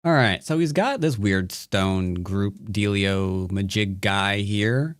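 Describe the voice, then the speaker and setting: Playful man giving lively game commentary. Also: on the low side, moderate pace, no echo, clean studio sound. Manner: playful, jokey, breaks into silly sing-song nonsense. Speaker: Go teacher. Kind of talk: live-streamed game commentary.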